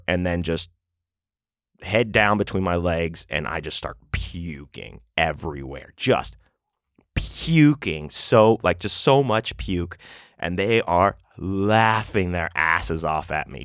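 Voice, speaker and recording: A man's voice: low-pitched, a bit bright, dry recording, clean studio sound. A man hosting a podcast, telling a road story in a rambling, profane, casual way with lots of fillers and restarts. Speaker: podcast host.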